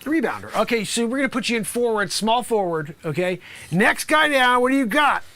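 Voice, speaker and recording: A man playing a brash, bossy male high school basketball coach in an improv comedy sketch, rambling and loud. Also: very animated, fairly quick, dry recording, full character voice.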